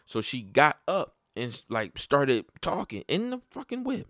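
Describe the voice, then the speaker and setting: A man telling a personal story about his child in a blunt, profane, casual way. His voice climbs high and loud when he gets worked up. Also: huge pitch swings, a little slow, no echo, clean studio sound.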